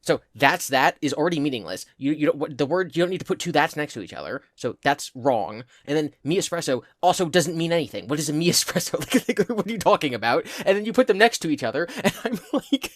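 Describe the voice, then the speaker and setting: A man's voice: on the high side, lively intonation, quick pace, few pauses, no room sound. A man co-hosting a casual podcast, rambling and exasperated as he laughs at himself. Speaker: podcast co-host. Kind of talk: casual chat.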